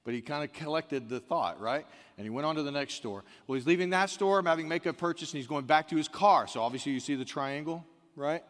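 A man's voice: on the high side, a bit bright. A man preaching a sermon, telling a story in a conversational way and calling out to the congregation. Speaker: pastor. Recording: long hall reverb.

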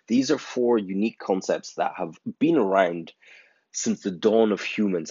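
Blunt, husky-voiced male podcast host. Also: deep voice, darkish tone, dry recording. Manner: blunt, earnest, swears casually. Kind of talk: motivational monologue. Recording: dry, dull lo-fi recording.

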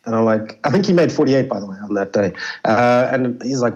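Man, mid-pitched, casual guest storyteller, fills gaps with "you know"; slightly muffled recording. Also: lively intonation, fast, darkish tone. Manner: chatty, peppers speech with "you know". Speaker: interview guest. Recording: slightly dull lo-fi audio.

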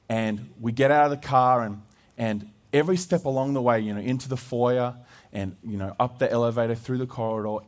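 An Australian pastor in his thirties, speaking at a medium pitch, preaches a sermon built around a lively personal story, restarting often and laughing along the way.

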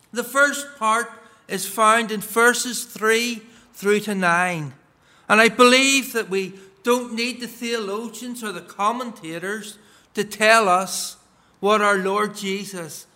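A male preacher giving a sermon in a measured, emphatic way, reading scripture aloud and stressing key words. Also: high voice, bright, forceful tone. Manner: reads scripture passages aloud.

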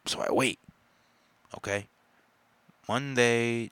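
Low-voiced man ranting loudly. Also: normal speed, no room sound. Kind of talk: angry personal rant.

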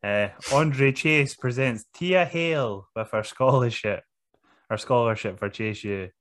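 Slow-talking man, casual podcast chat. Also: medium pitch. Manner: laughs often, swears, does mocking voices. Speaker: podcast co-host. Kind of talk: casual chat recapping wrestling.

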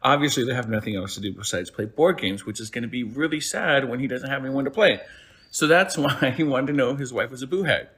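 A man's voice: medium pitch, quick pace, fairly bright tone. A man hosting a podcast, telling a folk tale in a rambling, playful way. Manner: rambling, self-correcting, playful. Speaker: podcast host. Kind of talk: casual storytelling.

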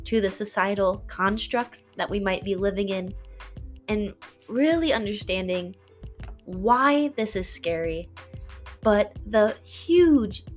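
Slow-spoken woman hosting a podcast. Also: medium pitch. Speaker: podcast host. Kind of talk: heartfelt self-help podcast talk.

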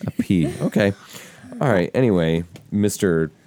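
A man's voice: sits low, animated, normal speed, warm tone, a little hiss or hum. A man hosting a casual family podcast, playful and teasing, asking his kids lots of questions. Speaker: podcast host and father.

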